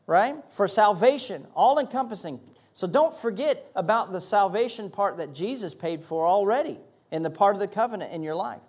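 Man, associate pastor, sermon, high voice, emphatic, animated, repeats words.

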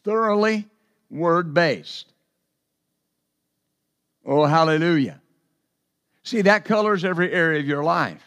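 A man with a notably high voice preaches a sermon as pastor. He drives points home with repetition and asks his listeners to respond. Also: moderate pace, fairly bright tone. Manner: repetitive, emphatic preaching with call-and-response asides.

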